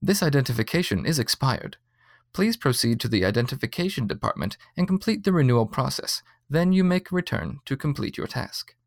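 A man voicing a female android clerk whose voice is meant to be soothing but sounds slightly robotic, raised a little in pitch, in a dry reading. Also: sing-song, brisk, no room sound. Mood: polite.

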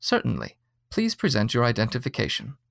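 A man's voice: mid-range voice, wildly swooping pitch, a little fast, creaky, fairly bright tone, no room sound, clean studio sound, full character voice. A man doing a soothing, slightly robotic android clerk. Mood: polite.

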